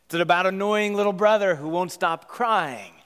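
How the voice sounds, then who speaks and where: A pastor's sermon in a church sanctuary unfolds as a casual, animated story, his points punctuated by a rhetorical "right?" He speaks in a high-pitched, smooth voice at a moderate pace, heard in a large hall.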